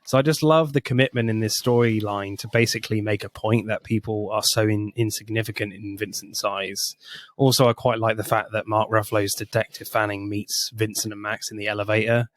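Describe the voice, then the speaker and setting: A lower-pitched man talks through favourite film scenes in relaxed, laughing podcast chat. The sound is dry and close, with no room around it. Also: fairly quick, no room sound. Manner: enthusiastic, laughs often, retells scenes at length. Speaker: podcast co-host. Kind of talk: casual film discussion.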